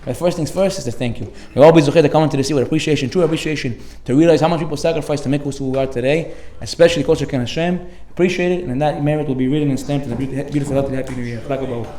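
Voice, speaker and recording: A man giving a lively sermon as a rabbi, telling stories and acting out the characters, laughing often. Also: on the high side, quick pace, echoey room. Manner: animated, acts out characters in the story, laughs often.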